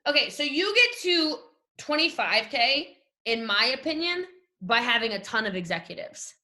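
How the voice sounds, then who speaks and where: Bubbly high-voiced Southern woman speaker. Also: moderate pace. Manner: animated, gushing, talks straight to listeners. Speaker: team leadership speaker. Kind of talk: energetic motivational talk on a call. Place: at home desk. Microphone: video call.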